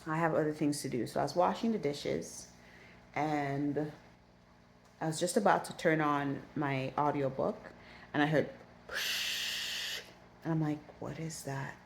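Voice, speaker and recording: A woman with a low, deep voice tells a casual personal story as a vlogger. She gets animated and repeats phrases while reliving the panic. A faint hiss sits under her voice. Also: measured pace, vocal fry, long pauses. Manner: animated, repeats herself when recounting panic. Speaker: aquarium hobbyist vlogger.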